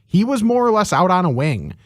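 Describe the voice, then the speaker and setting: A man's voice: sits high, big pitch swings, no room sound. Male co-host breaking down basketball. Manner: quick, detailed analysis with dry asides. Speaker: sports radio co-host. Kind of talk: basketball analysis on talk radio.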